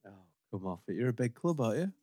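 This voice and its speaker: A man co-hosting a casual football chat, teasing his co-host with deadpan jabs. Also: medium pitch, fast talker, no echo, clean studio sound. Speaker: podcast co-host.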